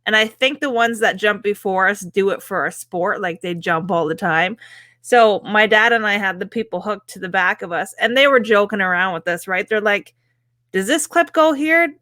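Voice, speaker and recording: Bright, dry-sounding woman telling stories. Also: medium pitch, normal speed, dry recording. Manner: animated storytelling, laughs often. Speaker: podcast co-host. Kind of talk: casual chat.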